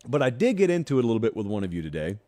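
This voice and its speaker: A man hosting a sports talk show, talking straight to his viewers in an animated, sarcastic monologue. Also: mid-range voice, very fast. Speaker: host.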